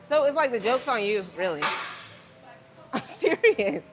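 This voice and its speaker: Speaking with a slightly high, expressive voice at a measured pace, a young Virginia woman talks her livestream viewers through a workout at an indoor gym. She's chatty, says y'all, and the background is noisy.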